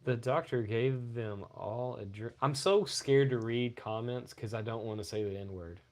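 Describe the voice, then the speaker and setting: A man co-hosting a casual podcast, crude and joking, with frequent profanity and loud bursts. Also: mid-range voice, unhurried. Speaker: podcast co-host.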